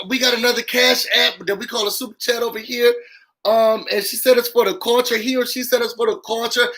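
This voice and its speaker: Over poor audio, this YouTube host's voice is extremely high-pitched as he runs a casual live-stream with call-ins. He is animated and addresses viewers directly, leaning heavily on "y'all" and "um."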